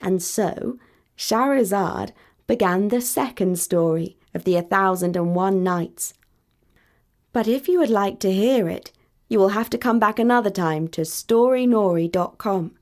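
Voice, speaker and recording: A woman storyteller narrating a fairy tale in a clear, measured, deliberate way. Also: mid-range voice, a little mellow.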